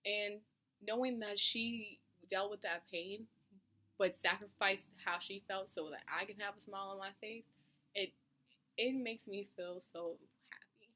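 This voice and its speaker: A young woman in college gives a heartfelt personal speech. She sounds earnest and emotional, restarting phrases and letting words trail off softly. Her pitch sits in an ordinary middle range for a woman. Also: steady tone, measured pace. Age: young adult. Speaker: student giving an award speech.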